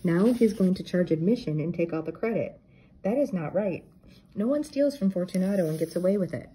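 A woman's voice: medium pitch, moderate pace, dark tone, slightly rough, close to an everyday voice. A woman reading aloud and voicing a grandiose, self-important male artist in a children's mystery book. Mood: indignant. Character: eccentric pompous male artist.

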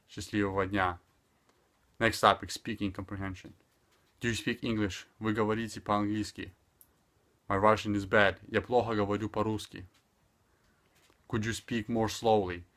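A young man teaching a casual online language lesson, repeating phrases slowly and deliberately with loose, chatty asides. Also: on the low side. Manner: slow deliberate repetition of phrases, relaxed filler-heavy asides.

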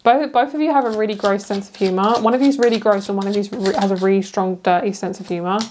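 A woman's voice: mid-range voice, steady tone, fast talker, a little mellow, a little hiss or hum. A young British woman giving a casual, rambling tarot reading, chatty and giggly, with many fillers. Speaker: tarot reader.

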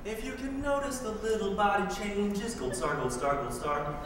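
A man's voice: high voice, normal speed. Guy doing spoken word poetry live, wry and pointed, echoey hall from far away, faint hiss. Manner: wry, pointed, with sarcastic asides. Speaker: poet. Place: live performance room.

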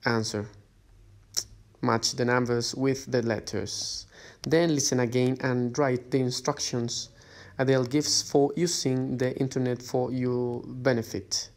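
A male English teacher talks through a list of workbook exercises in a plain, patient voice. He reads each instruction aloud and keeps checking in with a rising "okay?" as he moves from page to page. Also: mid-range voice. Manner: guides students step by step, often checks with a rising "okay?". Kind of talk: recorded lesson instructions.

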